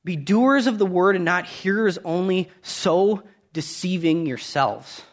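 A man in his thirties preaching a sermon, earnest and conversational, rising loud on key points and dropping to quiet asides. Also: high voice, a little slow.

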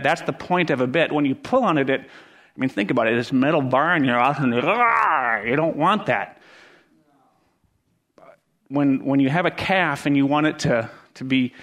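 A middle-aged man gives a sermon as a pastor. He preaches earnestly, swinging from loud, high emphasis down to soft, low asides. His voice sits at an ordinary male pitch.

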